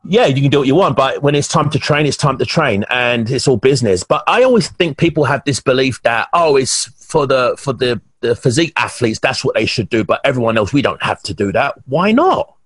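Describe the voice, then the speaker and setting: A man's voice: medium pitch, fast, few pauses, husky, no room sound. A man from England, a professional bodybuilder, telling stories animatedly in a casual podcast interview. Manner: animated storyteller, many restarts. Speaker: guest, pro bodybuilder.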